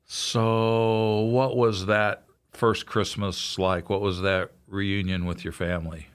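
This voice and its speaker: A man hosting a podcast interview, giving brief affirmations and asking gentle questions. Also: fairly low pitch, little pitch movement, slow pace, clean tone. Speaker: podcast host.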